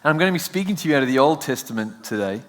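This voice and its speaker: A man's voice: medium pitch, expressive, racing, a bit bright. An Australian man giving a chatty, joking sermon as a guest preacher. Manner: chatty, self-joking, laughs often. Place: church sanctuary. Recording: long church hall reverb.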